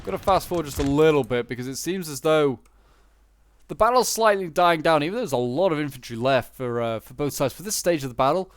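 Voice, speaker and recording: A man giving relaxed, unscripted commentary on a strategy game battle, thinking aloud with frequent pauses. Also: on the high side, dry recording.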